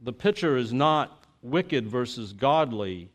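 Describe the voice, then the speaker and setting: A pastor preaching a conversational sermon, full of "you know" and "like" fillers, moving between lively asides and quiet, earnest reflection. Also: male voice, medium pitch, takes it slowly.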